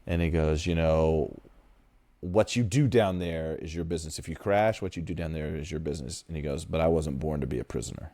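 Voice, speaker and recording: A man co-hosting a podcast, talking animatedly in quick bursts and retelling scenes. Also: rumbling low, mellow, no echo. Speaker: podcast co-host. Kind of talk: casual podcast chat.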